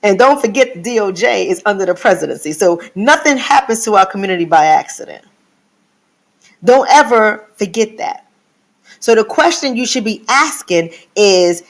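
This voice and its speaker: Teacherly woman lecturing her viewers. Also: low voice. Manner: teacherly, repeats points and addresses viewers directly. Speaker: host. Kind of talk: live-stream commentary.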